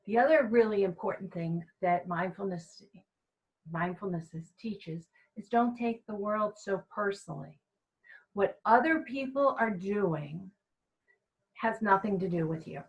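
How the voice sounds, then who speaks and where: A woman giving an energetic, emphatic, conversational mindfulness talk to a group of staff. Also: medium pitch, measured pace, dull audio. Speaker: mindfulness trainer.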